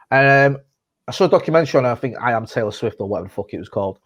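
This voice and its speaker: Racing along at medium pitch, a man co-hosting a laid-back podcast rambles and swears while animatedly telling his stories.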